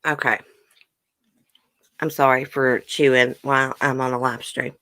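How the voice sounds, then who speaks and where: A chatty livestream host reads trivia questions aloud and answers viewers' guesses, mouth now and then full of food. The voice sits at a middling pitch. The sound is dry and close, with no room around it. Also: flat delivery, measured pace, sharp tone, no echo. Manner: talks while chewing a brownie. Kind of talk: casual livestream trivia chat.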